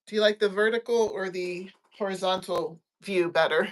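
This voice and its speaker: A woman chats casually on her crochet livestream, giggling often. She rambles and lets her sentences trail off softly. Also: medium pitch, normal speed. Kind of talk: casual live chat.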